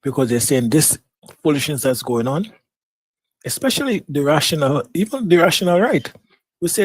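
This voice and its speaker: A man on a live news panel, arguing the opposing view in a measured way. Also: on the high side, big pitch swings, no room sound. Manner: measured, argues the other side. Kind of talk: live podcast panel discussion.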